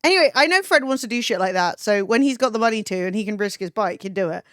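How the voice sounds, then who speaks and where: A woman's voice: mid-range voice, expressive, quick pace, a bit bright, no echo, clean studio sound. A young woman live-streaming, chatting casually with her chat, swearing freely and laughing often.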